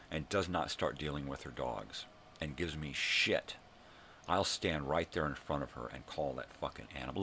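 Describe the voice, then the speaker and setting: An older man hosting his own daily vlog, ranting angrily and swearing, with bursts of shouting. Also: extremely low pitch, moderate pace, slight background noise. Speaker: vlog host. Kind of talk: angry profane rant.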